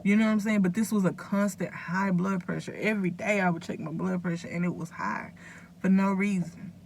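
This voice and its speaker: A woman's voice: mid-range voice, steady tone, a little fast, gravelly, darkish tone, slight background noise. A woman vlogger talking casually and earnestly to her viewers, rambling a little as she gives them advice. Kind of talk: casual direct-to-camera talk.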